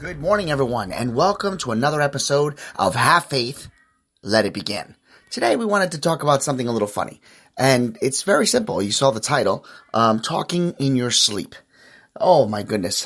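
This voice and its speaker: A man's voice: medium pitch, a bit bright. Chatty male podcast host telling stories. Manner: chatty, rambling, with many fillers. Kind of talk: casual storytelling monologue.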